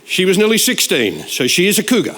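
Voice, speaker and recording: Guest preacher, sixties, high voice, animated joking delivery that jumps into shouted punchlines. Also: male voice, brisk, noisy background. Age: 60s. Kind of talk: humorous sermon storytelling.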